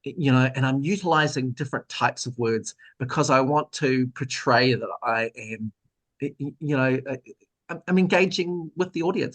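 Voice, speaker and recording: A man's voice: mid-range voice, normal speed, fairly bright tone. Thoughtful New man, guest author. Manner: thoughtful, trails off with fillers. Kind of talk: casual discussion.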